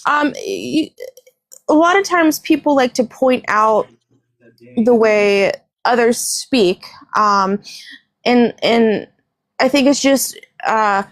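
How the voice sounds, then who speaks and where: A woman's voice: on the high side, slow pace, dry recording. A woman hosting a casual chat, giggly and coaxing as she puts questions to guests on a video call.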